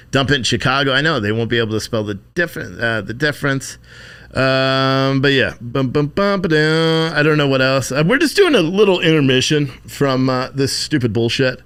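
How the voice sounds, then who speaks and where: Male streamer, bright forceful voice, loose profane chat with viewers, rambling and offhand. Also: medium pitch. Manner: profane, rambling, thanks donors by name. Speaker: livestream host.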